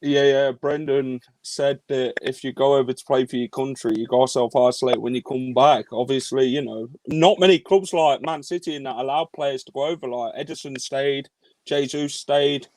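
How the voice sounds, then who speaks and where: A man chatting casually on a fan show, full of quick banter. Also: medium pitch, a little mellow, no echo, rough recording. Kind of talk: casual chat.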